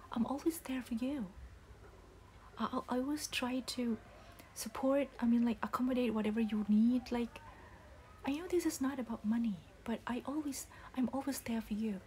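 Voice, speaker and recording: Woman playing a soft-spoken scolding mother, whispered role-play. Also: fairly high pitch, a little hiss or hum, lightly acted. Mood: hurt, disappointed. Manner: soft-spoken, halting with restarts. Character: scolding single mother, disappointed and stern.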